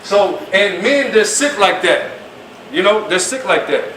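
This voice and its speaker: A man's voice: sits high, expressive, a little slow, fairly bright tone. A man teaching a class, speaking emphatically and casually and acting out the things people say. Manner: emphatic, colloquial, acts out quoted speech. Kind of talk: classroom lecture. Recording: echoey room, mic at a distance, faint noise.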